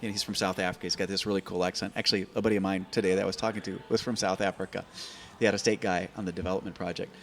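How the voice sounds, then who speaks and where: A man in his fifties with a low, deep voice tells stories on a podcast. He talks in an animated, rambling way, stacking up repeated words as he gathers his thoughts. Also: racing, slight background noise. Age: 50s. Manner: animated, repeats words and restarts while thinking. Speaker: podcast guest. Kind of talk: conversational storytelling. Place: open-air bike and coffee shop in a garage.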